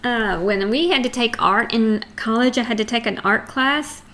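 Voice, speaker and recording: A woman's voice: a little high, normal speed, bright, forceful tone. A middle-aged woman with a Texan accent teaching a chatty geography lesson to young students in a screen recording.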